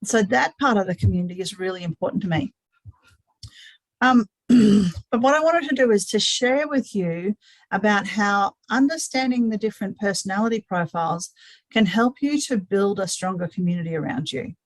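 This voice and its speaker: A woman hosts a live-streamed webinar in an earnest, thinking-aloud way, often doubling her words. Her voice sits at a middle pitch. The sound is dry and close, with no room echo. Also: lively intonation, moderate pace. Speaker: webinar host.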